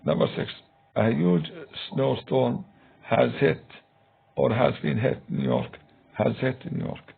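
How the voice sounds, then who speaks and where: Man, grammar teacher, husky, pitch jumping widely, slow hesitant talk. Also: wildly swooping pitch. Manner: slow, hesitant, many "uh" and "I mean". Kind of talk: recorded grammar lesson. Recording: tinny phone-like recording.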